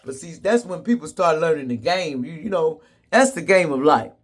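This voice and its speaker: A man's voice: on the high side, animated, normal speed. A man telling comedic stories to the camera in a sassy, blunt way, laughing often. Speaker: vlogger. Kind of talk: casual comedic storytelling.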